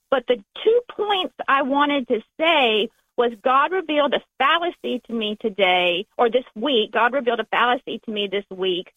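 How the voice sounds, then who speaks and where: A woman with a Southern US accent calling in to a radio show, talking in a warm, gushing way and restarting her phrases. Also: fairly high pitch, no echo. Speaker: caller. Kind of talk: call-in phone conversation. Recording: tinny phone line.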